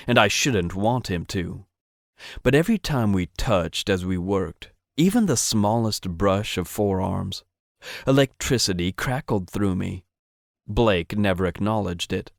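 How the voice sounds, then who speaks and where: A man narrating a first-person romance audiobook in an intimate, steady manner. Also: fairly low pitch, no room sound, clean studio sound.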